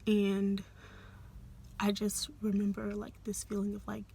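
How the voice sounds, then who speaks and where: A young adult woman telling a personal story in a soft, hesitant, often half-whispered way, with many fillers. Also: medium pitch, monotone, measured pace, creaky, slight background noise. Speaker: vlogger.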